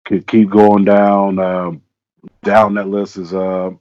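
A man's voice: on the low side, monotone, takes it slowly, darkish tone. A man hosting a casual interview, rambling and repeating himself with lots of fillers. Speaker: interviewer, host. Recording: dull lo-fi audio.

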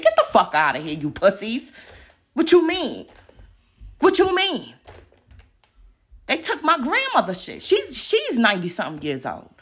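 A young woman podcast host in a full-blown rant, cursing freely and hammering listeners with rhetorical questions. Her pitch leaps from low growls to sharp high peaks. She sounds confrontational from start to finish. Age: young adult. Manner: heated, profane and confrontational, with repeated rhetorical questions.

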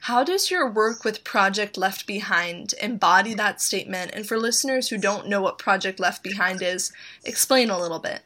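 A woman hosting a podcast, asking measured, reflective interview questions. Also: mid-range voice, expressive, pushed and bright. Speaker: podcast host.

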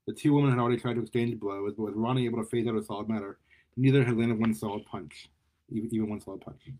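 A man reading a superhero story aloud in a lively way, often stumbling and repeating words. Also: on the low side, quick pace, a little hiss or hum. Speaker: story reader.

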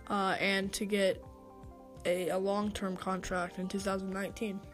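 A woman's voice: medium pitch, level tone, moderate pace, faint music behind. A young woman hosting a casual sports talk segment, hesitant, with many fillers, restarts and stumbles. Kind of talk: casual sports commentary monologue.

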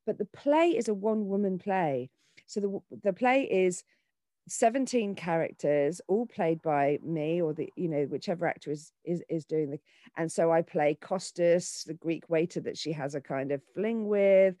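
A woman in her forties talks in an animated, searching way, often doubling back mid-sentence. Her voice sits fairly low. The recording is dry and close, with no room sound. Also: moderate pace, no echo. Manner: animated, with frequent restarts and fillers. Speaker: actor and children's author. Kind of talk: casual interview talk.

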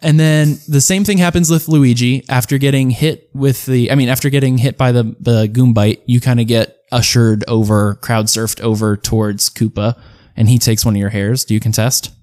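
A man's voice: medium pitch, steady tone, darkish tone, no echo, clean studio sound. Rambling man running a tabletop game. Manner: rambling, halting, laughs often. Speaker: game master.

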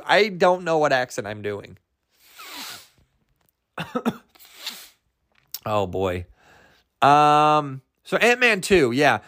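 A man's voice: on the high side, fairly bright tone. A man hosting a podcast on his own, rambling loosely and cracking jokes, with plenty of swearing and restarts. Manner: loose, profane, jokey, with many fillers and restarts. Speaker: podcast host. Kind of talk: rambling casual monologue.

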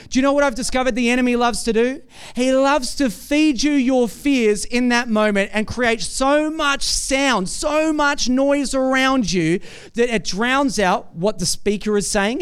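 High, clear-voiced man preaching a sermon. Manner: conversational, quizzes the congregation with frequent "right?"; animated storytelling with acted-out asides.

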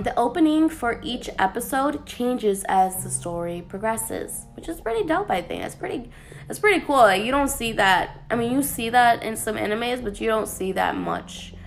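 Gravelly-voiced woman chatting about anime. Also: on the high side, slight background noise. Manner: animated, chatty, playful asides to viewers. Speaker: anime reviewer. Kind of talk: casual video review.

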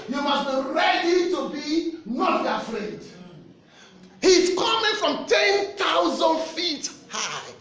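A Nigerian man preaching a sermon with fervent, animated delivery and shouted refrains. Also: very high voice, creaky, reverberant.

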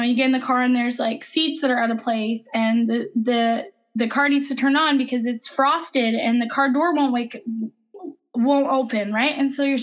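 Mom in her 30s, high voice, rushing through a crazy morning story, super animated. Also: lo-fi sound. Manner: animated, breathless retelling with acted-out quotes. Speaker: podcast co-host. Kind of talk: casual storytelling chat.

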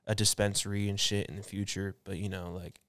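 Laid-back young man, low smooth voice. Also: level tone, brisk, fairly bright tone, no room sound. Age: 20s. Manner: laid-back storytelling with slang. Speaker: guest, clothing and smoking brand founder. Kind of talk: casual podcast chat.

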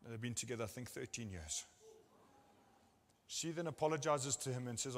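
A man's voice: mid-range voice, expressive, moderate pace, pauses often, long reverb tail. A male pastor preaching a sermon at a church service, telling stories earnestly and acting out what people said.

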